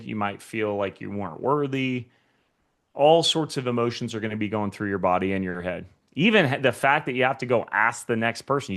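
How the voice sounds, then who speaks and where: A man giving a motivational sales training talk to real estate agents, speaking straight to his audience and acting out short scenes. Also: on the low side. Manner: energetic, addresses the audience directly, acts out short scenes.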